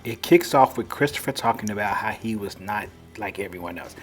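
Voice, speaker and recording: A man's voice: fairly low pitch, expressive, brisk, soft background music. A man giving a casual, rambling recap of a comic book, full of "you know" and "like".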